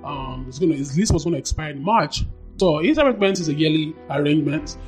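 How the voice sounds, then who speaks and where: A woman, a podcast guest telling her own story candidly, emphatic and animated, often repeating herself. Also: low voice, quick pace, soft background music. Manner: animated, emphatic, acts out quoted dialogue, repeats phrases.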